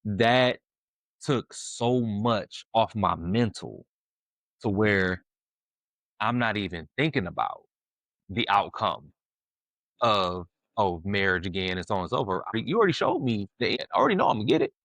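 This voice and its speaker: A man talking casually about faith and dating as a podcast guest, animated and fond of "you know what I'm saying", sometimes acting out his prayers. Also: on the low side, moderate pace, dry recording. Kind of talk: casual faith-based conversation.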